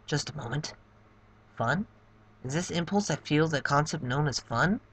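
A man voicing a calm, literal-minded male computer in game dialogue, slow, flat and formal. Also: a little high, breathy edge, full character voice. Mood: earnest.

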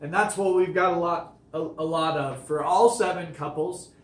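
A young man vlogging from home, playful and quick to laugh. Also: on the high side, fairly even intonation, echoey room. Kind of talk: casual chat.

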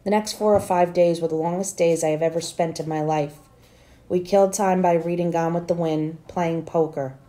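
A woman teacher reads a novel aloud to her class in a steady, plain storytelling manner. Her voice sits low and sounds soft and mellow. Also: normal speed.

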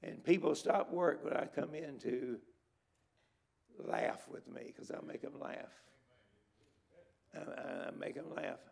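Gravelly, exhorting man preaching. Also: a little high, slow, pauses often, a little mellow. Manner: exhorting, repeats words for emphasis. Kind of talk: emphatic revival sermon. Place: church sanctuary at a conference.

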